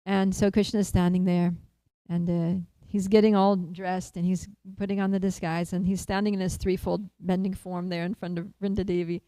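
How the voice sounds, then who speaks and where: A woman telling a devotional story in an animated way, laughing often and using many fillers. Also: on the low side, moderate pace, hardly any pauses, smooth, no echo, low-quality recording. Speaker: storyteller at a temple.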